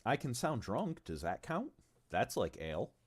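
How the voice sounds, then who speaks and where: A man's voice: medium pitch, big pitch swings, measured pace, slightly rough. A man chatting casually on a livestream about the tabletop game he is designing, rambling and swearing freely, with frequent stumbles and asides. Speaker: game designer presenting his tabletop game on stream.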